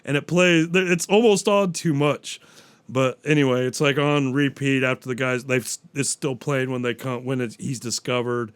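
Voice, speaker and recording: A man's voice: medium pitch, normal speed, clean tone, no room sound. A man hosting a solo podcast, chatting casually and rambling, swearing freely and acting out bits of dialogue. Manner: rambling, profane, acts out quotes. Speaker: podcast host. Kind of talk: casual solo movie talk.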